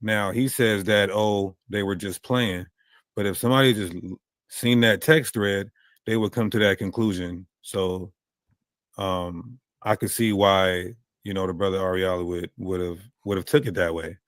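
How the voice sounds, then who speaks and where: A man in a played clip speaking in a measured, hedging way, often stammering and repeating words. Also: sits low, fairly even intonation, a bit bright, dry recording. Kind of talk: measured discussion.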